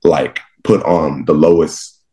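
A young man from Texas with a low, deep voice tells stories from his football life in a relaxed interview. He is animated, laughs often and acts out his younger self in his own words. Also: slow pace. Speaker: guest, professional football linebacker. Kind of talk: casual interview storytelling.

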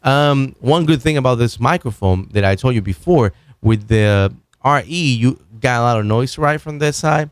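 A man's voice: mid-range voice, no room sound. Man casually demoing a studio mic. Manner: loose, halting talk with many restarts while moving around the mic. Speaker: video host reviewing microphones. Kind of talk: casual product demonstration. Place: home studio desk. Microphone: broadcast microphone on an arm, at varying distance.

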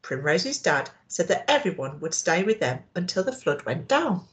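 Expressive woman reading to young children. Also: on the low side, moderate pace. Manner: expressive, asks the children questions. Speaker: teacher.

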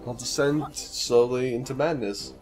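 A man's voice: mid-range voice, fairly even intonation, unhurried, a little mellow, faint music behind. A young man casually commentating a video game with a friend, joking, teasing, and swearing freely. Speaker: let's play co-host.

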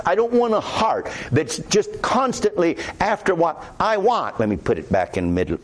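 Midwestern male pastor, animated sermon voice, fairly high, conversational, quotes scripture. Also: moderate pace, few pauses. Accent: Midwestern American.

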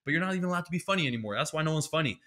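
A man's voice: a little high, animated, racing, sharp tone. Profane, sarcastic man ranting. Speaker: podcast host. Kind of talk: ranting comedic monologue.

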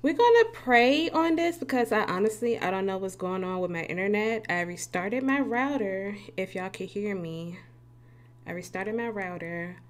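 Woman, game streamer, chatty, curses a lot, laughs often, mid pitch. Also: lively intonation, moderate pace. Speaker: gaming streamer. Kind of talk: casual live-stream chat. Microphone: desk mic with facecam.

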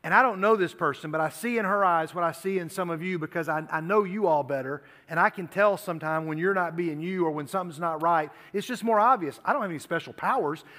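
A man's voice: fairly high pitch, fast, hardly any pauses, bright, forceful tone. A middle-aged man preaching a sermon to teenagers in an earnest, conversational way, often repeating himself. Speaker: youth pastor. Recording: long hall reverb.

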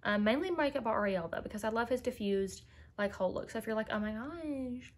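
A woman's voice: on the high side, quick pace. Sassy, chatty young woman vlogger. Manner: chatty, sassy, addresses viewers as girl. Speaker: beauty vlogger. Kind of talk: casual makeup tutorial chat.

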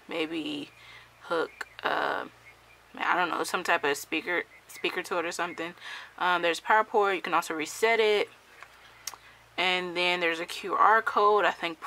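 Slow, hesitant woman with a bright voice. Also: on the low side, rough recording. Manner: hesitant, many ums and self-corrections. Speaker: product reviewer. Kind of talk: casual unboxing review.

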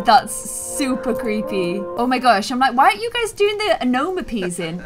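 A young woman hosting a gameplay video, chatting excitably and gasping at surprises. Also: high voice. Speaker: let's play host. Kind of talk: gameplay commentary.

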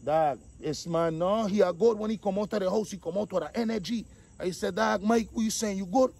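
A man, animated casual storytelling, acting out the voices of the people in his story. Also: sits high, brisk, creaky. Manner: animated, acts out quotes, repeats 'dog'.

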